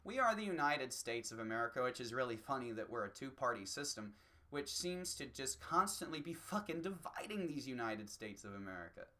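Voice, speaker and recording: A comedian delivering a profane, rambling, self-mocking solo rant that swings between low mutters and loud bursts. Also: big pitch swings, brisk.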